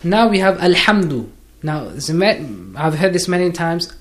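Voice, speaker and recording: A man teaching Quran recitation one-on-one for listeners, patiently correcting common errors and slowly drawing out the recited verses. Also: sits high, expressive, fairly bright tone. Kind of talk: one-on-one pronunciation lesson. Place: recorded lesson for listeners.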